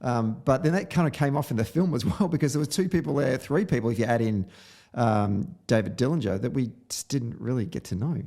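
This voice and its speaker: A man's voice: mid-range voice, a little fast, mellow. A man hosting a podcast, giving a blunt, opinionated film review in casual chat, sometimes swearing. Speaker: podcast host.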